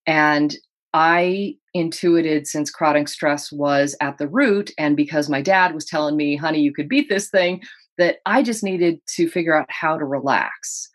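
A woman's voice: low voice, unhurried. A woman guest in an interview, telling a personal story earnestly and vividly. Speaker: guest, author.

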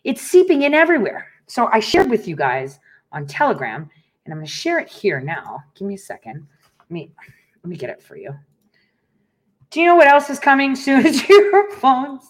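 A woman's voice: fairly high pitch, huge pitch swings, moderate pace. A middle-aged woman hosting her own online show, telling stories in a casual rant, laughing often and swearing freely. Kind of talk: casual ranting monologue.

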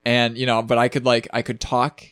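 A man with a mid-pitched voice talks in a relaxed, rambling way as a podcast co-host, often restarting his sentences. The recording is dry and close. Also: fairly quick, no room sound. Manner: relaxed, rambling, repeats starts. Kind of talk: casual chat.

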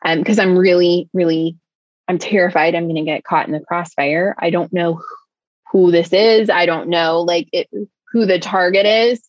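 A woman from the United States speaks as a guest, recounting a personal ordeal in a vivid, tumbling way, leaning on filler words. Her voice sits fairly low. The recording is dry and slightly muffled. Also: steady tone, normal speed, no echo. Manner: vivid, breathless retelling with frequent "like" fillers. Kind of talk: emotional personal storytelling.

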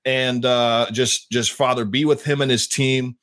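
Chatting with a guest on his Christian podcast, a man speaks with fervent emphasis, repeating words as he goes and drifting readily into prayer. His mid-range voice is a bit bright, fairly even in intonation and measured in pace.

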